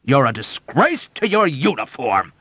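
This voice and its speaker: A man reading an audiobook and voicing a blustering, petulant middle-aged male colonel who complains loudly and indignantly. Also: mid-range voice, wildly swooping pitch, fast talker, no room sound, voice pushed up. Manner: loud, indignant, whiny blustering. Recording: dull, dry lo-fi audiobook.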